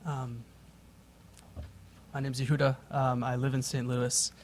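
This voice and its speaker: A man's voice: medium pitch, little pitch movement, unhurried, slight background noise. A man giving polite, somewhat hesitant testimony at a public hearing. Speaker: public witness.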